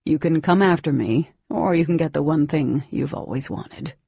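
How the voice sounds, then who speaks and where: A woman's voice: low voice, moderate pace, vocal fry, dark tone, husky, dry recording, dull audio, heavily acted. A woman voicing an older male villain, cold, smug and calculating, in a clipped, condescending manner.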